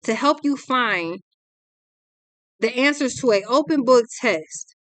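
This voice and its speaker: A woman's voice: fairly high pitch, animated, slow, a bit bright, no echo. A young adult woman, giving a ranting tarot reading in a blunt, exasperated, profane way. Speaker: tarot reader.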